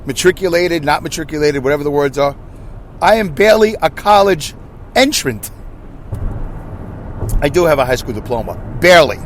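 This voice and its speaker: A loud man in his fifties with a New York accent talks in a rambling, self-deprecating podcast monologue. His voice sits a little high for a man. A faint hiss of noise runs under the recording. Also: sing-song, fairly quick. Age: 50s. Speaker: podcast host. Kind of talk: casual monologue.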